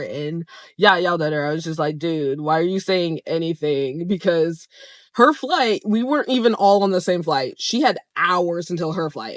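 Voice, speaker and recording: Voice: medium pitch, dry recording. Young adult vlogger, casual storytelling, candid and profane, mid-range voice, dead-dry room. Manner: candid, swears freely, laughs while retelling.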